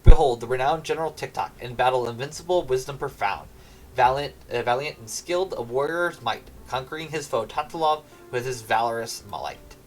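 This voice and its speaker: A man's voice: mid-range voice, fairly quick, soft background music, close to an everyday voice, low-quality recording. A man reading an adoring young noble lady from a game, pleading and admiring.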